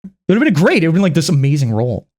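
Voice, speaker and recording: A man's voice: on the high side, wildly swooping pitch, very fast, a little mellow. A young man ranting casually and comically about a film, rambling, swearing and slipping into mock impressions. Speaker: youtuber reviewing a film. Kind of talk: casual comedic movie rant.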